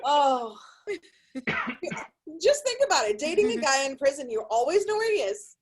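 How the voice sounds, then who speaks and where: A woman's voice: high voice, big pitch swings, moderate pace, poor audio. A young woman doing a brash, profane, self-deprecating stand-up set. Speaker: stand-up comedian.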